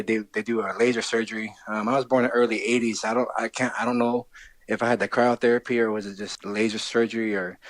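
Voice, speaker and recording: Fast-talking low-voiced man. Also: no room sound. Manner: friendly, rambling with restarts. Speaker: guest, scholarship winner. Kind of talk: casual interview.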